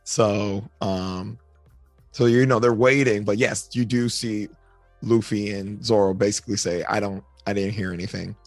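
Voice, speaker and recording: A man co-hosting a podcast, casually retelling story scenes and acting out character lines in high voices. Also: steady tone, moderate pace, no room sound, soft background music. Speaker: podcast co-host.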